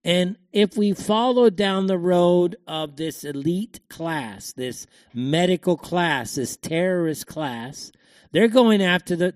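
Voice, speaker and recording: A man's voice: a little high, no echo, clean studio sound. A man hosting a show, giving a rambling, emphatic opinion monologue full of fillers and repeated words. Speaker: show host.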